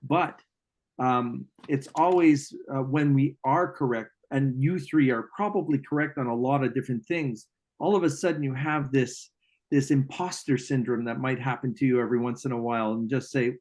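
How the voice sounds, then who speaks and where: A man's voice: medium pitch, moderate pace, a little mellow. A man hosting a casual interview as a psychic medium, talking reflectively with many restarts and fillers. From Canada.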